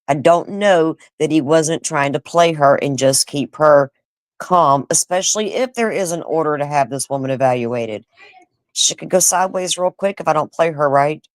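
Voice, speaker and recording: A woman co-hosting a casual true crime chat, blunt and calm and arguing the other side. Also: low voice, normal speed, no echo. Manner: blunt, calm, plays devil's advocate. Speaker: co-host.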